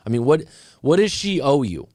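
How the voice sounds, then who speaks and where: This middle-aged host of a breakup coaching stream speaks at normal speed in a slightly high, slightly mellow voice whose pitch swings widely. The studio-quality audio has no room sound. Responding to a viewer's story, he dispenses blunt, chatty advice, says bro, and often repeats or restarts his lines.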